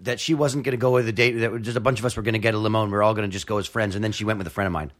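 A man's voice: lowish voice, fairly even intonation, very fast. A man in casual chat, joking at times and hesitant when telling his own story.

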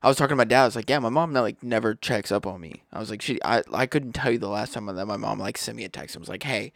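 Young man laughing hard, gravelly voice. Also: on the low side, racing, dry recording, studio quality. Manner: swearing, bursts of loud laughter. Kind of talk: casual chat.

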